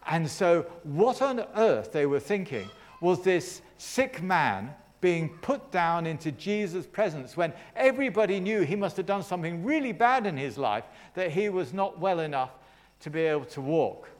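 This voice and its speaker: A male preacher tells a story from the pulpit, his pitch swinging widely as he acts it out. He takes his time and draws each phrase out slowly. His voice sits a little higher than most men's. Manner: animated, dramatic retelling with asides to the congregation. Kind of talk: storytelling sermon.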